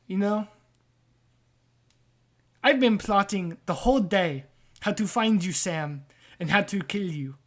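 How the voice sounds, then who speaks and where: A man voicing a twitchy sewer-dwelling man who squeaks and babbles loudly in a tabletop game. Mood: excited. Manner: high, loud, rapid babble.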